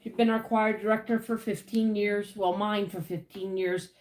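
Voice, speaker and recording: A woman's voice: medium pitch, steady tone, normal speed, darkish tone, roomy sound. A woman hosting a casual livestream from the United States, greeting viewers by name and chatting about her week. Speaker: livestream host. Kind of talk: casual live chat.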